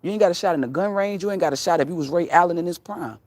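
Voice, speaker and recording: A woman's voice: lowish voice, racing, a little mellow, no echo. A woman hosting a casual livestream, talking bluntly and profanely and laughing often as she tells stories. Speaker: livestream host.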